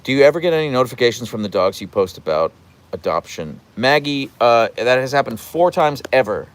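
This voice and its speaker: A chatty man talking outdoors in light rain during a casual live stream. His pitch leaps up and down freely as he answers viewers' questions, and the middle of his voice sits at an ordinary height. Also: brisk. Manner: chatty and animated, acting out his dogs in funny voices. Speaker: host answering live chat.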